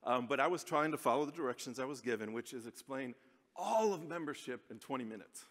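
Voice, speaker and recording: A man's voice: mid-range voice, expressive, fast, fairly bright tone. An American man giving a chatty, self-deprecating conference speech from a stage, laughing often. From United States. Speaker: conference speaker. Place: large conference hall. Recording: long reverb of a large hall.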